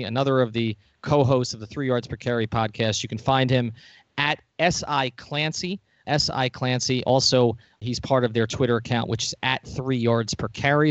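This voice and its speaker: A man's voice: on the high side, no echo, lo-fi sound. A man hosting a sports podcast, talking in a chatty, enthusiastic way. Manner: chatty, enthusiastic, laughs often. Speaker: podcast host. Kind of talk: casual sports podcast chat.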